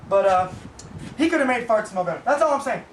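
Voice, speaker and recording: Fast-talking man ranting in an echoey room. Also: very high-pitched, lively intonation, distant mic, slight background noise. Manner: blunt, profane, repetitive venting. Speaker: vlogger, business owner. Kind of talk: casual ranting monologue. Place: Boise, Idaho.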